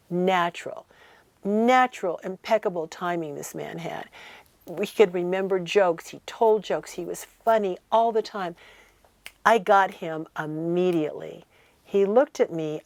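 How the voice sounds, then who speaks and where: A woman in her sixties, an interview guest, telling her stories in an animated and emphatic way and acting out what others said. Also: lowish voice, no echo. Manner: animated, emphatic storyteller who acts out quotes. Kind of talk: conversational storytelling interview.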